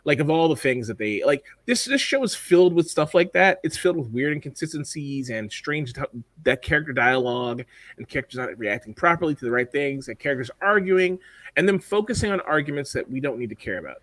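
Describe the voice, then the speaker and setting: A man's voice: on the high side, animated, fairly quick, a bit bright, no echo. A man co-hosting a podcast in casual chat, blunt and profane, rambling with lots of fillers. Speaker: podcast co-host.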